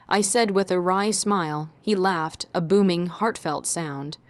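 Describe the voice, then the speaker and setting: A woman's voice: fairly low pitch, unhurried. Woman narrating a dramatic first-person story.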